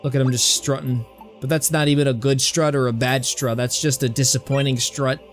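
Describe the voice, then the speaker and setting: A man's voice: mid-range voice, fairly even intonation, brisk, faint music behind. A young man casually joking and rambling through a video game stream, often stammering and restarting his sentences. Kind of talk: casual let's-play commentary.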